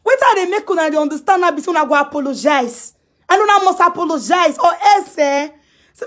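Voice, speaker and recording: A woman with a Nigerian Pidgin English accent, ranting and scolding on a phone live stream, repeating herself emphatically and breaking into shouts. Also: extremely high pitch, lively intonation, a little fast. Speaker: social media personality.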